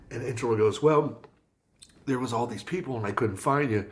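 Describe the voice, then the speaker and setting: A man's voice: mid-range voice, a little fast. A man from Florida, a guest musician on an interview podcast, telling a story and acting out the people in it. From Florida, USA. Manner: animated storyteller acting out quoted dialogue.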